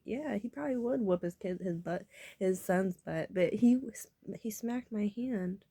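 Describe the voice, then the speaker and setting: A woman telling an emotional personal story, halting and tearful, sometimes drifting into whispers. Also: mid-range voice, mellow, dry recording.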